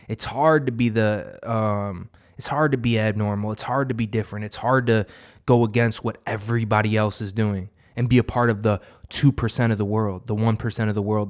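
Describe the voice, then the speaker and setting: Speaking in a lowish register, this young vlogger improvises a motivational rant full of profanity. He wanders from point to point, restarting sentences and leaning on filler words.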